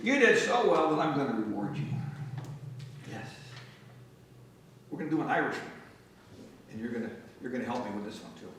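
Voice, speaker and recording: A man's voice: medium pitch, very animated, brisk, pauses often, fairly bright tone. A man telling jokey stories between songs at a live folk concert, coaxing the audience to sing along. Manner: chatty, joking, coaxes audience to sing along. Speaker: folk musician. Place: public library event room. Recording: echoey room, far-off mic, guitar.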